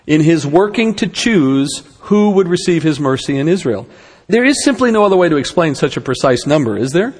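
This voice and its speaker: A man's voice: a little high, breathy edge, big-room sound. A man giving a conversational Bible lesson, with rhetorical questions and wry asides. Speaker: Bible teacher.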